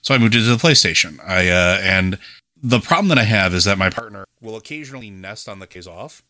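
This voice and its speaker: A man's voice: fairly low pitch, animated, quick pace, bright, forceful tone, no echo. A man co-hosting a podcast, chatting casually and rambling with lots of fillers. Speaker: podcast co-host. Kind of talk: casual chat.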